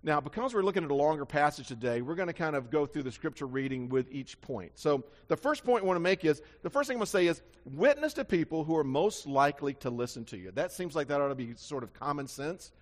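A man's voice: fairly high pitch, animated, quick pace, few pauses. A man preaching a sermon as pastor, talking in a conversational, self-deprecating way with frequent restarts. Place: church sanctuary. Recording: long reverb of a church hall.

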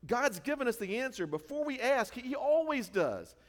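A man voicing a serene, faithful young woman prisoner, speaking in a raised, slow and earnest tone. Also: very high voice, big pitch swings, voice pushed up. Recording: reverberant hall.

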